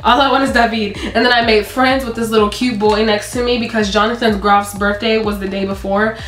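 A teenage woman co-hosting a vlog, telling stories in a gushing, excitable, casual way. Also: medium pitch, brisk. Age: teens. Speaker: co-host of a vlog channel. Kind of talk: casual chat. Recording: roomy echo, faint background music.

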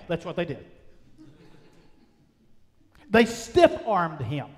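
A male pastor preaching a sermon, with emphatic drawn-out phrases that swing between loud and soft. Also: high-pitched, sing-song. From United States. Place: church sanctuary. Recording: long reverb of a church sanctuary.

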